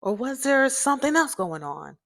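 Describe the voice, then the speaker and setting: A woman's voice: high voice, normal speed, vocal fry, no room sound, studio quality. Chatty young woman telling a story. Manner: chatty, animated, addresses listeners as "y'all", laughs often. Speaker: podcast host. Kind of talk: casual storytelling to listeners.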